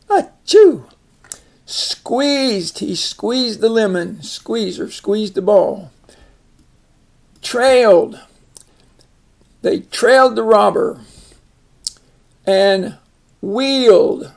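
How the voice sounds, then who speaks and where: A man's voice: sits high, creaky. An older man teaching a phonics lesson, carefully sounding out words and giving example sentences. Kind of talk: reading lesson narration.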